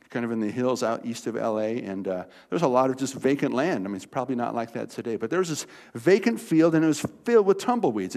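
A man's voice: medium pitch, a little mellow. A man in his sixties from California preaching a sermon, telling a childhood story in a conversational way and speaking directly to the congregation.

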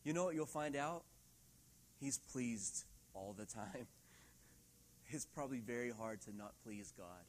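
A middle-aged man preaching a sermon in a church hall, lively and laughing often, acting out quoted voices. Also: mid-range voice, measured pace, long pauses, a little hiss or hum. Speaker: pastor.

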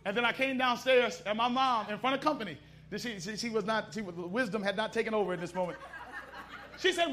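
A man's voice: high-pitched, brisk, bright, forceful tone. A middle-aged man preaching a sermon fervently, calling out for responses from the congregation.

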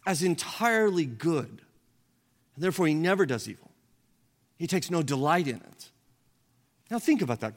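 A man preaching a sermon with a fairly high voice, pressing his points with questions to the congregation. His delivery rises and falls between forceful emphasis and hushed passages. The sound rings with a long reverb, as in a large church. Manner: earnest preaching with rhetorical questions, rising and dropping in force. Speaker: pastor.

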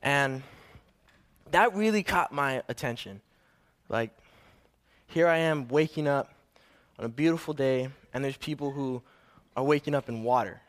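A man's voice: medium pitch, measured pace, long pauses, a bit bright. A young man giving his first sermon to a church, telling a family story in a casual, slightly nervous way with restarts. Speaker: young preacher.

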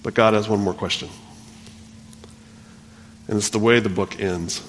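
A man preaching a sermon, earnest and repetitive, swinging between loud emphasis and hushed delivery. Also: lowish voice, fairly even intonation, measured pace, slight background noise. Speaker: pastor. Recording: long hall reverb.

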